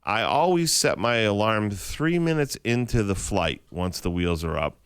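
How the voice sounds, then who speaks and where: A man co-hosting a morning radio show, telling stories in casual banter and putting on calm pilot voices. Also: lowish voice, measured pace, clean tone, no echo, studio quality. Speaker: radio co-host. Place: radio studio. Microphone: studio mic.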